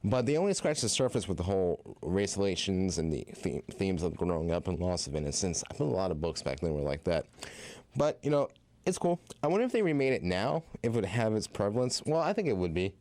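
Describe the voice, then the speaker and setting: Guy on college radio, low voice, talks real fast, rambly, dry close sound. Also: big pitch swings, darkish tone, dry recording. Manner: rambling, with many fillers. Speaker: college radio film show co-host. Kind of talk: casual chat. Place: radio studio.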